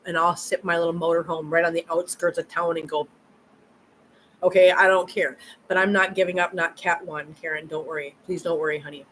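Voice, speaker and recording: A woman's voice: on the low side, fairly even intonation, brisk, fairly bright tone, a little hiss or hum, rough recording. Chatty woman answering her live chat. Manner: chatty, repeats words, answers comments directly. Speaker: channel host.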